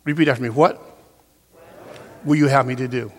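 A man preaching a sermon as a pastor in a church, swinging from loud, emphatic peaks down to soft, quiet passages. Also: mid-range voice, fairly even intonation, fairly quick, long reverb tail. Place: church sanctuary.

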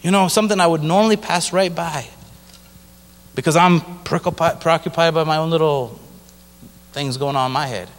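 A man's voice: fairly high pitch, normal speed, long pauses. A male missionary giving a personal testimony in a casual, storytelling way, now and then acting out other people's voices. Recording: long reverb of a large hall.

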